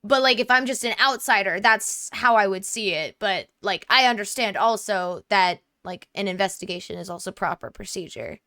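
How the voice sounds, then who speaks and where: A young woman talks through a story game, reading on-screen messages and then chatting about them with lots of "like" and an empathetic tone. Her voice is bright and crisp, recorded close and dry. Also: medium pitch, moderate pace, few pauses, dry recording. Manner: chatty, many 'like' fillers, empathetic. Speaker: gaming YouTuber. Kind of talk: let's play commentary, reading game texts aloud.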